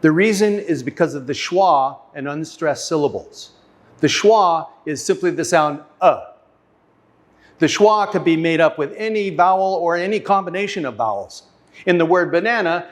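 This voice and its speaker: A man teaching an English lesson, speaking slowly and deliberately, repeating and sounding out example words. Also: a little high, animated. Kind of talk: classroom lesson.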